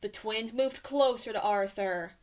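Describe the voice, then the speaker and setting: A woman reading a children's storybook aloud in a slow, expressive way. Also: mid-range voice. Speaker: storybook reader.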